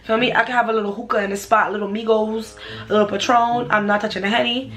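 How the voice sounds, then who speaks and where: A woman's voice: on the high side, level tone, fast, a bit bright, faint music behind. Slangy New woman telling a story. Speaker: vlogger. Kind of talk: storytime vlog.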